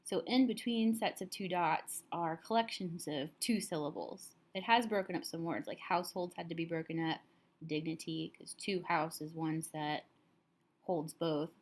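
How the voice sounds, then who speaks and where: A woman teacher calmly walking students through a recorded lesson, explaining step by step, a little tired. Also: lowish voice, moderate pace.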